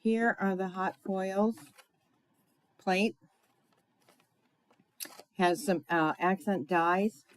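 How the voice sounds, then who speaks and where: Slow-talking chatty woman crafter. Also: medium pitch, low-quality recording. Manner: chatty, thinks aloud with fillers and asides to viewers. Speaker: crafting demonstrator. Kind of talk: casual live craft demonstration.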